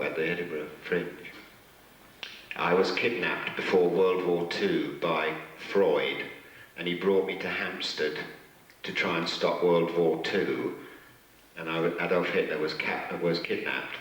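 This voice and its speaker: A man's voice: sits low, fairly bright tone. A man, a guest actor at a fan convention, telling rambling, joking anecdotes with chuckles during a Q&A. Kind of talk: convention Q&A storytelling. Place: hotel function room. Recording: echoey hall from far off.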